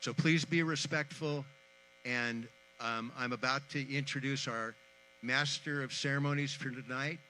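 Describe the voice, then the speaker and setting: A man's voice: mid-range voice, steady tone, bright, forceful tone, a little hiss or hum, poor audio. Earnest man announcing at an outdoor ceremony. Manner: earnest, halting with fillers. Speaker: event organizer introducing the host. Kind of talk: public announcement at a memorial ceremony. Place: outdoor community event.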